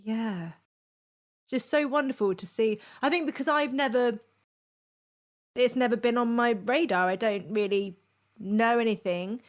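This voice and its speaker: A woman's voice: a little high, measured pace, pauses often. A woman podcast host who listens and laughs along with her guest. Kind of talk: conversational interview.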